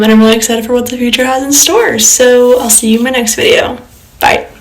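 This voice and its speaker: A woman's voice: medium pitch, low-quality recording. A young woman vlogging casually, chatty and upbeat with lots of fillers. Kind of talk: casual vlog.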